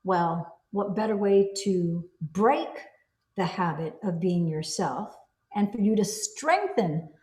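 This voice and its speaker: A woman talking earnestly about a personal experience, acting out her own inner dialogue with animated bursts. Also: medium pitch, slow. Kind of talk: reflective personal talk. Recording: echoey room.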